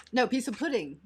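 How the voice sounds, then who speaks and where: A woman's voice: a little high, a little hiss or hum. A woman co-hosting a live stream in casual chat, giggling often and reading out viewer comments. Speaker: co-host.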